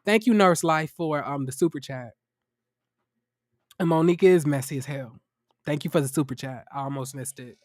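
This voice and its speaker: A man hosting a livestream review of a reality show, tired, talking casually to his viewers in a profane, incredulous, animated way. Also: on the high side, normal speed, long pauses, no room sound, clean studio sound. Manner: chatty, addresses viewers as y'all.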